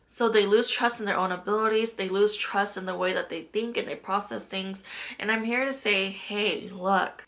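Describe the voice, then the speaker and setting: A woman's voice: medium pitch, a bit bright. A young adult woman, a mindset coach, giving an earnest, chatty motivational talk to camera and reflecting on her own past. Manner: earnest, chatty, self-reflective, with bursts of animation.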